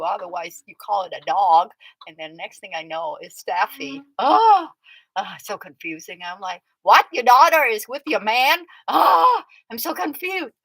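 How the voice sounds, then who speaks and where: A woman's voice: medium pitch, a bit bright, dry recording, rough recording. A woman hosting a casual livestream, chatting and teasing as she reacts to viewer comments and laughs often. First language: Vietnamese. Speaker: livestream host.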